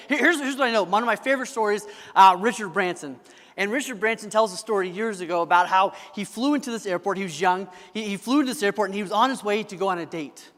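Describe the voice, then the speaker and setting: Man, motivational speaker, high voice, call-and-response with crowd, long hall reverb. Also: bright, forceful tone. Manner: emphatic, asks the crowd for answers. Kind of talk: live keynote speech. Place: large event hall.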